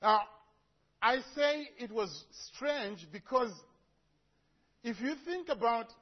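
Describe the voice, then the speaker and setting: A man from Africa delivers a sermon in a church, spinning lively stories and humorous asides. His voice sits very high for a man and has a husky grain. The recording sounds dull and lo-fi. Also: takes it slowly. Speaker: preacher. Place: church before a congregation.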